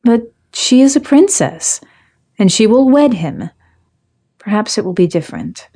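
A woman narrates a first-person fairy tale in a measured, reflective, literary way. She takes her time over every phrase, unhurried and deliberate. Her voice is mellow and warm. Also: fairly high pitch, big pitch swings.

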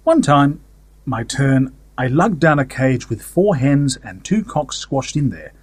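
Husky-voiced man narrating with wry humor. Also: mid-range voice, big pitch swings, measured pace, dry recording. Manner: wry, conversational first-person storytelling. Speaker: story narrator. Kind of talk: audiobook fiction reading.

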